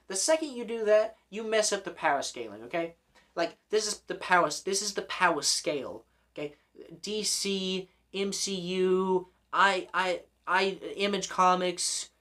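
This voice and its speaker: A man's voice: high-pitched, fairly bright tone. A young man hosting a commentary vlog, ranting in an exasperated, sarcastic way with plenty of swearing. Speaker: host.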